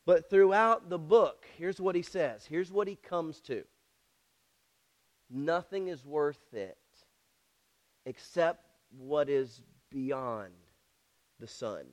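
A male preacher with a high voice delivers a dramatic sermon. He repeats key lines, checks in with the congregation, and swings between loud emphasis and hushed drops. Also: animated, takes it slowly, pauses often. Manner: dramatic, swings from shouts to near whispers; repetitive, emphatic storytelling with asides to the congregation.

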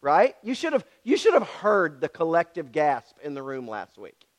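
A man's voice: fairly high pitch, wildly swooping pitch, normal speed. A pastor preaching a sermon, speaking directly and challenging his congregation with repeated questions.

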